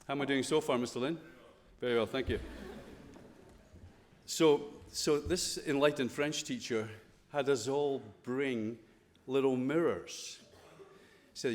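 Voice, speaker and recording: A man's voice: medium pitch, steady tone, unhurried, pauses often. Scottish guy chatting through a school chapel talk, lots of questions to the kids, big echoey chapel. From Scotland. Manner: conversational, playful, full of rhetorical questions. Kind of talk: informal chapel talk to students.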